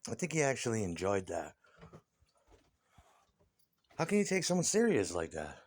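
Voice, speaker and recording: A man's voice: lowish voice, huge pitch swings, normal speed. A man talking casually in an interview, ranting and scornful, with lots of swearing.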